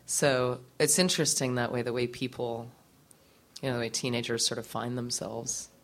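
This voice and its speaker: A woman's voice: extremely low pitch, normal speed. A woman musician as an interview guest, telling a candid story from her teens with frequent laughs, casual swearing and lots of fillers. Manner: animated, laughing often, swearing freely, many fillers.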